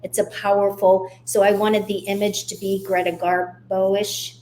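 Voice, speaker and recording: A woman guest on a radio interview, telling her life story in a candid, steady way. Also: mid-range voice, measured pace, slight background noise. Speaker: guest author.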